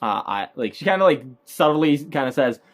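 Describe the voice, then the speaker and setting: A man's voice: medium pitch, big pitch swings, moderate pace. A man casually recapping a movie, rambling with lots of fillers and hesitations. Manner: rambling, filler-heavy, laughs at own points.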